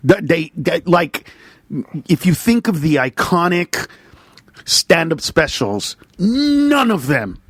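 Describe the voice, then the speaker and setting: Animated high-voiced man telling stories. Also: takes it slowly, dry recording. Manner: animated storyteller, acts out voices and shouts. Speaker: stand-up comedian guest. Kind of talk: casual podcast conversation.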